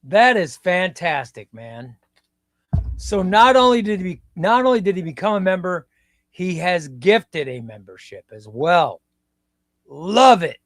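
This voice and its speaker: Man, 50s, stream host, unhurried and reflective, a bit higher voice, close dry sound. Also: very animated, a bit bright, dry recording. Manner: slow, reflective, repeats phrases. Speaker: livestream host. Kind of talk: casual live stream chat. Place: home room.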